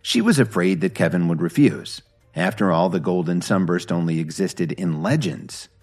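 A man reading a story aloud in scripted narration, steady and even. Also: sits low, moderate pace, faint music behind.

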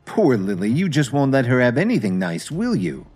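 A man voicing an arrogant, jealous rich man who shouts and taunts. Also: medium pitch, huge pitch swings, normal speed, slightly rough, faint music behind, pitched above the performer's own voice. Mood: furious taunting.

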